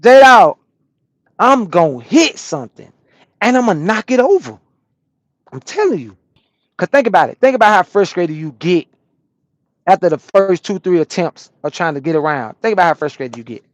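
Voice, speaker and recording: A man from Atlanta, a truck driver chatting casually on a live stream and answering viewers' comments in a relaxed, repetitive way. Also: high voice, normal speed, dry recording. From Atlanta, USA.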